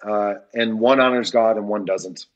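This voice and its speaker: A man's voice: lowish voice, normal speed. A man, a pastor, speaking as a guest on an interview podcast, earnest and repeating key phrases for emphasis.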